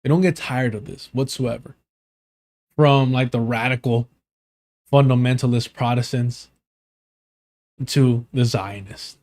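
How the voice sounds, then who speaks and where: A man's voice: medium pitch, steady tone, unhurried, pauses often, darkish tone. A man streaming live, giving blunt, sarcastic reaction commentary.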